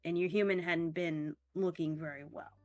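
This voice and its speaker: A woman narrating as game master of a tabletop game, casual and halting, with fillers and the odd swear. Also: on the low side, steady tone, faint music behind.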